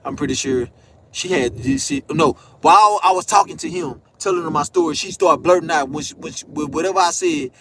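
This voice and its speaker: A young man with a high voice rants through a story in a heated, profane vlog. He jumps into raised voices whenever he quotes someone. Faint noise hums behind him. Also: brisk. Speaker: vlogger. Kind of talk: animated storytelling rant.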